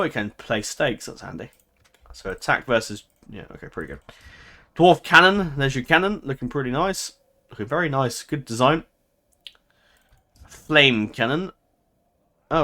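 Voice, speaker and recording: A man's voice: medium pitch, sharp tone. Chuckling man thinking aloud. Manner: chatty, laughs often, thinks aloud and second-guesses himself. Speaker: gameplay commentator. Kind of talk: casual game commentary.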